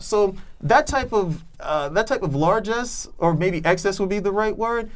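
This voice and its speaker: A man's voice: high-pitched, expressive, moderate pace, hardly any pauses. A man co-hosting a casual movie review chat, giving long rambling explanations full of restarts. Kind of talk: casual film discussion.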